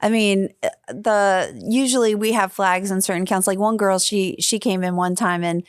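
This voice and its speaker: A woman's voice: mid-range voice, normal speed, clear, resonant tone, dry recording, clean studio sound. A woman hosting a casual podcast interview, telling stories and acting out the dialogue she quotes. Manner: animated storyteller who acts out quoted dialogue. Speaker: podcast host and stand-up comedian.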